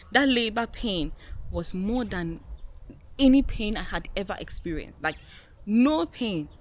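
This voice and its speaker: A woman vlogger telling a personal story to her viewers in an emphatic way, repeating key words and calling them guys. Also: medium pitch.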